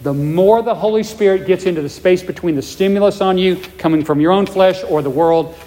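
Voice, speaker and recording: A man's voice: a little high, mellow, long reverb tail, slight background noise. A man preaching a sermon, emphatic, with lots of repeated words and rhetorical questions. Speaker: pastor.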